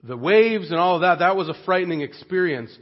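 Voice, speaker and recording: A man giving a sermon in an earnest, expressive way, dropping soft and low on grave points. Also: brisk. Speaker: preacher. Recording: dull lo-fi recording.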